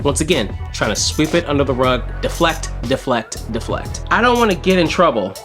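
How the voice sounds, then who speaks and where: A casual vlogger's voice that swoops up and down in pitch, sarcastic and exasperated, with frequent swearing. Faint music plays underneath. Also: sing-song, fast talker. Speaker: online decoy narrating chat logs. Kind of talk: casual commentary.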